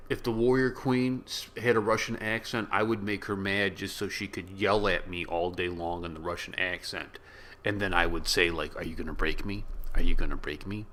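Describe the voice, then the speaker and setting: A man hosting a reaction video, rambling and joking in a casual way, now and then bursting into loud shouts. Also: low voice, a little hiss or hum. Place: small room with yellow walls.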